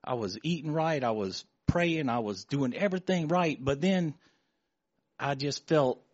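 A middle-aged man giving an emotional, halting testimony before a congregation, often repeating words and restarting his sentences. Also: fairly high pitch, no room sound, dull audio. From Florida. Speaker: church member giving testimony.

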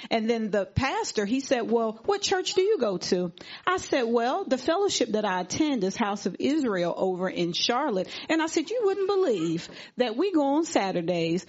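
A woman stands before her church and tells a testimony, her pitch a little higher than most women's. She brings the story to life by acting out everyone's words. The recording sounds dull and lo-fi. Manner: animated retelling, acting out quoted dialogue. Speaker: congregation member giving testimony. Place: church fellowship service.

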